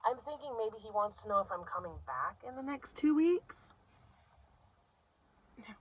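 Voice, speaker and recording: A woman doing stand-up comedy, telling a story in an animated way and acting out the scenes. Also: on the high side, a little slow, breathy edge, no echo, rough recording. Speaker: stand-up comic.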